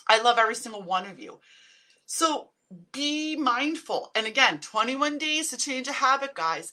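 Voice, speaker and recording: A woman's voice: fairly high pitch, bright, forceful tone. A woman talking casually to viewers on a live stream as a stress relief coach, chatty and upbeat, often calling them guys. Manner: acts out quoted self-talk in changed voices.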